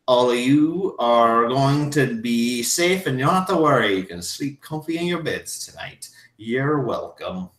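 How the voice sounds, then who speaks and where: A game master puts on a swaggering, belligerent old drinker who brags loudly of being a war hero. His voice rings in a roomy space, brash and pushy, never letting anyone else talk. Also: medium pitch, pitched above the performer's own voice. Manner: boastful, belligerent, loud. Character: old drunken belligerent Scottish man boasting. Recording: roomy echo.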